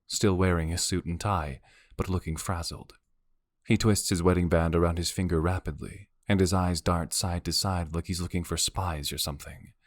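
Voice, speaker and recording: A man's voice: low-pitched, no echo. A man narrating a romance audiobook in the first person, with a wry, brooding delivery.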